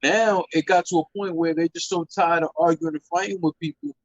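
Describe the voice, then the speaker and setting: A man's voice: fairly high pitch, a little fast, no echo, lo-fi sound. A man in casual chat, speaking bluntly and emphatically, swearing freely.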